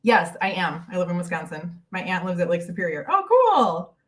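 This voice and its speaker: A US woman's voice, on the low side and sing-song, comes across a bit bright at a moderate pace, recorded from a distance. She hosts a casual live Q&A stream from home on YouTube, greeting viewers by name in a chatty, bubbly way, a little winded.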